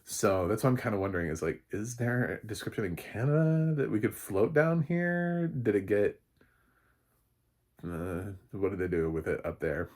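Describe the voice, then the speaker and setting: A man's voice: lowish voice, moderate pace, a little mellow. A man, a film critic, giving a casual spoken review, rambling with many fillers and restarts, and swearing now and then.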